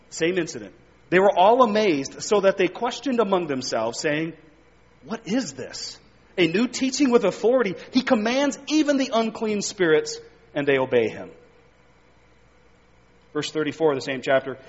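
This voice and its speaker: A man delivers an expository sermon in a high, husky voice, reading scripture and driving his points home with emphatic rises. His voice rings with long reverb through a large hall. The recording itself sounds dull and muffled. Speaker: preacher.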